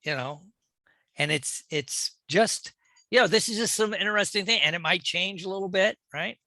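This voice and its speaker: A man's voice: high voice, normal speed, sharp tone, dry recording. A man leading an online group class over a video call, casual, jokey and blunt. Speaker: instructor.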